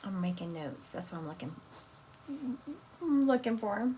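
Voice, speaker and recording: A woman's voice: mid-range voice, animated, normal speed, long pauses, mellow, a little hiss or hum. Chatty Southern woman on a live stream. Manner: chatty, rambling, self-correcting. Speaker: psychic medium. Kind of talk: casual live-stream chat.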